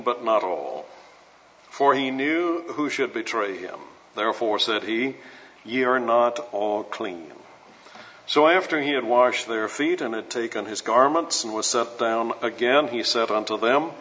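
Texan preacher guy reading scripture slow and careful, muffled old recording. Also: medium pitch, animated, fairly bright tone, a little hiss or hum. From West Texas. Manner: slow, deliberate reading with explanatory asides. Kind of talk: expository sermon with scripture reading. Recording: dull lo-fi sound in a reverberant hall.

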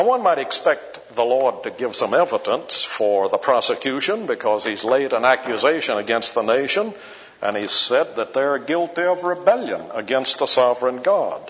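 A man preaching an expository sermon, reading scripture aloud in King James wording and explaining it at a measured pace. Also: mid-range voice, a bit bright. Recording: dull lo-fi recording in a reverberant hall.

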